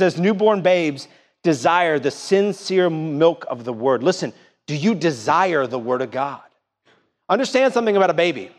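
A middle-aged male pastor preaches with a bright, high voice that swoops through a wide range. He drives his points home with questions to the congregation. His voice rings with the long reverb of a church sanctuary. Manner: emphatic call-and-response preaching, rising and falling. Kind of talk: sermon.

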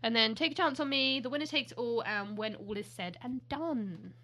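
A woman's voice: fairly high pitch, normal speed, pushed and bright. A British woman co-hosting a podcast in chatty, rambling casual talk, often giggling. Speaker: podcast co-host. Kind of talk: casual chat.

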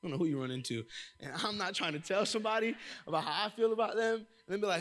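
A young man preaching a sermon, telling lively personal stories and calling out to the congregation. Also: high voice, fairly quick. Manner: lively storytelling with crowd call-outs. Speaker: church intern preaching.

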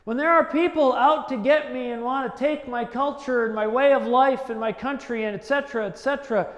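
A male pastor preaching in a conversational, animated way, acting out the voices he quotes. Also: very high voice, a little fast, roomy sound, long reverb tail. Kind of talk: sermon.

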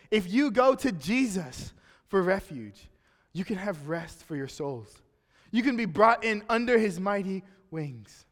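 A young man preaching an earnest sermon, often dropping soft and low at the end of a phrase. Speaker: pastor. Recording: long hall reverb.

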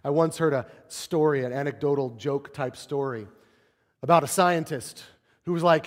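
Pastor delivering a sermon; higher-pitched man, lively storyteller, recorded in a big reverberant room. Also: normal speed. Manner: animated storytelling, acts out quotes. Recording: long reverb of a large hall.

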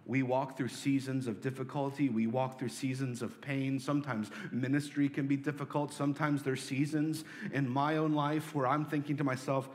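A man preaching as a pastor, earnest, moving between loud pleading lines and soft hushed ones. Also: medium pitch, flat delivery, moderate pace, few pauses. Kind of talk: sermon. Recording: long hall reverb.

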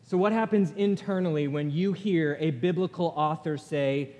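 A man preaching a sermon as pastor, earnest and deliberate, lifting his voice when he reads lament passages. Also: a little high, darkish tone. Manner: slow, earnest, pausing delivery, rising for quoted laments. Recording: long reverb of a large hall.

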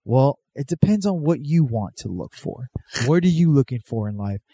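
Casual male co-host, rambling storyteller, mellow voice, close dry sound. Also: medium pitch, lively intonation, moderate pace, husky, no room sound. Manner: rambling, profane, laid-back, lots of fillers.

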